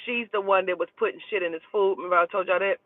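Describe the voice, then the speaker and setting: A woman who does spiritual readings, telling a story in a casual, profane and animated way. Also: medium pitch, racing, no room sound. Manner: profane, animated, talking to herself aloud. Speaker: spiritual reader. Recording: tinny phone-like dry audio.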